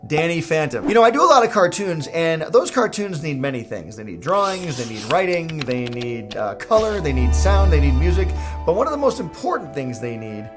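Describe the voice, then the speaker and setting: A man's voice: fairly high pitch, very animated, a little fast, few pauses, music in the background. A man, a cartoon creator, telling a jokey, self-mocking story in a casual vlog.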